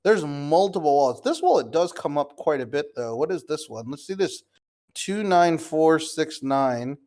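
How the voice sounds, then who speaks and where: A man's voice: a little high, expressive, moderate pace, a little mellow. A young man, talking casually as he clicks through wallets on a stream, incredulous and swearing, addressing viewers as guys. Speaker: crypto streamer. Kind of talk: live screen-share commentary.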